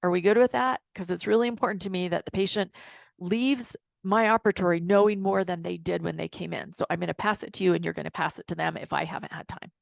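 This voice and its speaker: A middle-aged woman, a dental hygienist and coach, telling a work story to an audience in a lively way, acting out what people said. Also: on the low side, fast talker, gravelly, no echo. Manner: storytelling, animated retelling with quoted dialogue. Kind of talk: casual talk to an audience.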